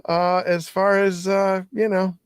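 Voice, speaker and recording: A man hosting a podcast in casual sports chat, upbeat and quick to laugh. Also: sits high, flat delivery, clear, resonant tone, no room sound, studio quality. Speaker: podcast host. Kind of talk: casual fantasy football chat.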